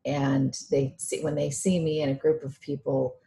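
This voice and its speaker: A woman co-hosting a casual chat, frank and quick with her asides. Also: very deep voice, flat delivery, vocal fry, warm tone. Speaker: co-host. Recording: faint background noise.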